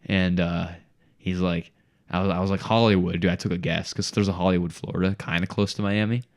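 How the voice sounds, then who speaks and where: A young man, a podcast guest, telling a story in a casual, animated way and saying "dude" a lot. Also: low-pitched, fairly quick.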